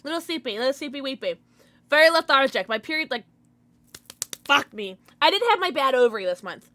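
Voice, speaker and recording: Bubbly chatty woman streamer, bright voice. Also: high voice, expressive, a little fast. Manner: chatty, affectionate with chat, frequent fillers. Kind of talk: casual chat with viewers.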